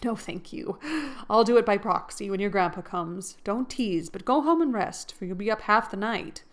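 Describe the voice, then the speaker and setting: A woman's voice: mid-range voice, moderate pace, lightly acted. A woman doing an emotional, tomboyish young woman. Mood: grateful. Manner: emotional, breathless outbursts.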